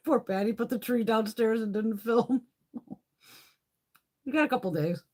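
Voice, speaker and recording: A woman's voice: a little high, a little slow, a little mellow. A middle-aged woman chatting casually on a live stream, telling stories with lots of swearing and frequent laughter. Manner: profane, storytelling, laughs often. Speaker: beauty vlogger hosting a live chat.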